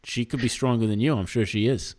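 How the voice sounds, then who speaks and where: Laughing often and joking around, this podcast co-host has a Canadian accent and a medium-pitched voice that moves a little fast. His chat is casual and animated, packed with fillers.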